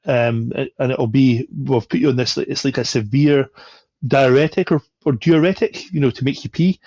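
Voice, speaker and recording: A man's voice: mid-range voice, moderate pace, no echo, muffled recording. A man, a podcast guest, telling a story casually and animatedly, acting out the voices of the people in it. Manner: animated, acts out quoted voices.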